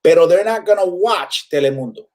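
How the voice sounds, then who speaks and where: Man, comedian guest, slightly high voice, animated, Spanish-English code-switching. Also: fairly quick. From Puerto Rico. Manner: animated, switches between Spanish and English, acts out quoted people. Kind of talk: casual interview chat.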